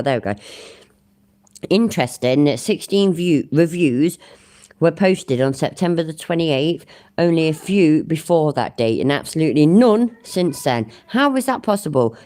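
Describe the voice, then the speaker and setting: A woman's voice: low voice, mellow. A woman hosting her channel and commentating on a clip in a blunt, casual way, with easy swearing and chatty asides. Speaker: channel host reacting to a clip.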